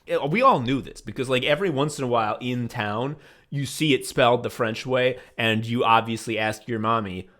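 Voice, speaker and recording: A man's voice: mid-range voice, moderate pace, a bit bright. A young man from the Chicago suburbs telling a profane, sardonic story as a podcast co-host. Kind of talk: casual chat, storytelling.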